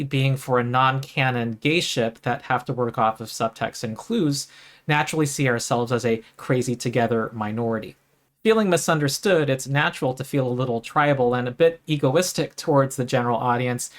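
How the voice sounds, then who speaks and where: Guy reading his fan theory essay, earnest and measured, middle pitch. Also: fairly bright tone. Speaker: video essayist. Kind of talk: scripted commentary narration.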